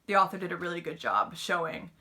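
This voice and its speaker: A woman's voice: on the low side, lively intonation, quick pace, vocal fry, pushed and bright. A woman giving a casual, chatty book review, retelling the plot with lots of "like" and fillers.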